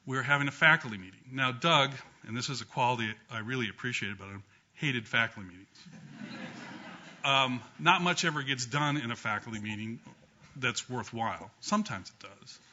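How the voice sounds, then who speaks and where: A man's voice: mid-range voice, a little fast, bright, forceful tone. A middle-aged man, a law professor, tells humorous anecdotes at a memorial gathering, with frequent ums and restarts. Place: law school courtroom with an audience. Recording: dull lo-fi recording.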